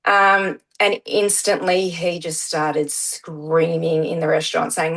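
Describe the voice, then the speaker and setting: A woman's voice: deep voice, level tone, slow pace, few pauses, fairly bright tone, low-quality recording. A middle-aged woman, telling her story as a guest in a casual interview, with many "um" fillers. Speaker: guest, parent.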